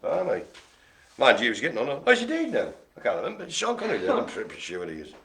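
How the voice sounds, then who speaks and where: A man's voice: mid-range voice, huge pitch swings, fast talker, crowd noise. A man hosting a live online bingo game, rambling and joking as he stumbles over hard names. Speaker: bingo host.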